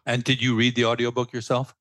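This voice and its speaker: A man hosting a podcast, asking questions and cheering his guest on in quick, enthusiastic asides. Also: medium pitch, completely flat delivery, fairly bright tone, dry recording. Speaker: podcast host. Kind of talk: conversational interview.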